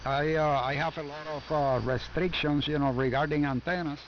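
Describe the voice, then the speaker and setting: Older ham operator with a Puerto Rican accent, friendly and halting, fairly high voice over muffled radio. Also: male voice, steady tone. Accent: Puerto Rican Spanish. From Puerto Rico. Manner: friendly, halting, many "uh" and "you know". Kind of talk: casual on-air radio chat. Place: home basement. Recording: muffled amateur radio audio, faint static.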